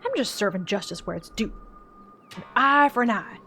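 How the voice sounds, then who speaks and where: A stubborn old backwoods man with a put-on Southern drawl growls and grumbles through a horror game scene, as a woman voices him. His talk is folksy and blunt, pitched in a middle range. Music plays steadily behind him. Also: lively intonation, normal speed, pushed and bright. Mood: threatening. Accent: put-on generic Southern US. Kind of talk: voiced-over game dialogue.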